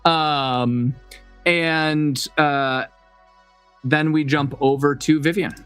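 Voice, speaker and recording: A man's voice: a little high, fairly even intonation, very slow, a bit bright, smooth, no room sound, faint music behind. A man running a tabletop game as game master, describing scenes with many fillers and restarts.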